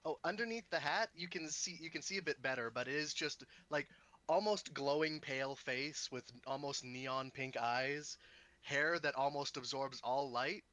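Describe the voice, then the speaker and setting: A man playing a tabletop game who describes his character's actions in a descriptive, halting way. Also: fairly high pitch, bright, forceful tone, dry recording. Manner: descriptive, with hesitant restarts.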